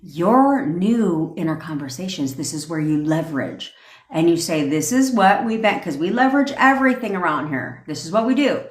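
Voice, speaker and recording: A woman's voice: lowish voice, normal speed. Blunt, swearing woman in an echoey room. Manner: blunt, profane, animated, acts out sassy examples. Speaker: manifestation coach. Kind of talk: livestream rant.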